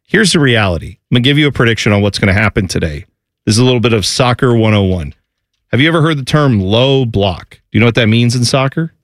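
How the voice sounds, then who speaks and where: A man's voice: medium pitch, expressive, fast, no echo, clean studio sound. A man hosting a sports radio show, chatting casually in a rambling, jokey way.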